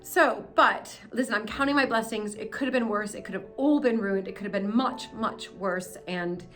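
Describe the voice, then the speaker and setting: A woman's voice: medium pitch, moderate pace, fairly bright tone, faint music behind. Emotional American woman filming a vlog. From United States. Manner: emotional, rambling, apologetic. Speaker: host. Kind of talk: casual vlog narration. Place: indoor cellar. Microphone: handheld camera she is filming with.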